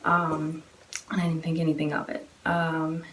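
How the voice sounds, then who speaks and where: Woman in her 20s, pretty low voice, rambly vlog storytime w lots of ums and likes. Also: completely flat delivery, normal speed, a little hiss or hum. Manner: chatty, many fillers, acts out quoted voices. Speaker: vlogger telling her own story. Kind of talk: casual personal storytelling.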